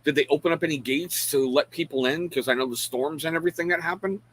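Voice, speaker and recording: A man's voice: on the high side, fast talker, fairly bright tone, slight background noise, low-quality recording. A middle-aged man hosting a casual live stream in a loose, rambling way. He speaks frankly and pokes fun at himself, breaking off mid-thought to greet viewers by name. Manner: frank, self-deprecating. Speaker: live show host.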